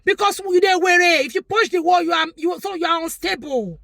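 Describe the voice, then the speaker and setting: A woman's voice: extremely high pitch, brisk, gravelly, few pauses, a bit bright. A Nigerian woman vlogger giving an opinionated, preachy commentary, repeating her points for emphasis.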